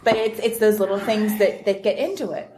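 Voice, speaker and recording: A woman speaking on a convention panel, telling lively stories and acting out the dialogue she quotes. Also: mid-range voice, brisk. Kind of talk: panel discussion, anecdotal and animated. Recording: roomy convention room with faint noise.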